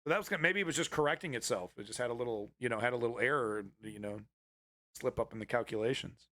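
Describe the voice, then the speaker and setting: Guy on a live stream reacting to war clips, sarcastic and rambly, average pitch, thanks chat a lot. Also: quick pace, fairly bright tone, no echo, clean studio sound. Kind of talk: casual live-stream commentary.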